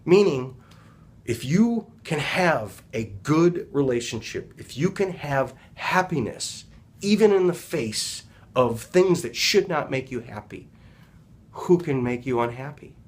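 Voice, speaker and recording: A man's voice: medium pitch, lively intonation, unhurried. A man, a healing practitioner, retelling a children's story in a casual, rambling, reflective talk.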